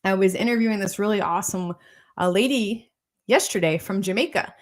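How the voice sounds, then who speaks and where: A woman's voice: medium pitch, fairly quick. A woman doctor talks her listeners through a health routine in a loose, conversational way. She circles back over her points and keeps checking that they follow her. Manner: repetitive, keeps checking in with "okay?" and "right?". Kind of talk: casual health talk explaining a protocol.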